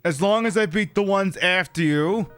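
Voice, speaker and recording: A man's voice: sits high, normal speed, a bit bright, soft background music. A man with a North Jersey accent giving casual, joking and profane commentary while streaming a game. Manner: profane, joking, talks to chat.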